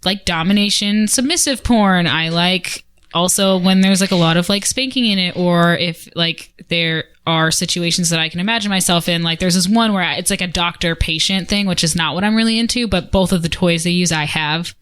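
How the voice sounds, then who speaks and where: A woman's voice: lowish voice, a little fast, a bit bright, clean tone. Chatty young woman, full of fillers. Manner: chatty, open, lots of "like" fillers. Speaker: co-host. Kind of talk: casual chat.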